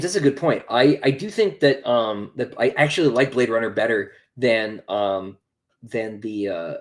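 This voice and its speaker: Young guy rambling thru chat questions on a stream, um-heavy, mid pitch. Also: a little mellow. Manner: rambling, many ums and restarts, reads questions aloud. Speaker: author answering chat on a livestream. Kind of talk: casual livestream Q&A.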